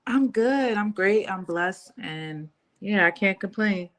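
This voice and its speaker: A woman's voice: mid-range voice, lively intonation, slow, fairly bright tone. A woman boxer, tired late at night, giving brief upbeat answers in a remote interview. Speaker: boxer guest.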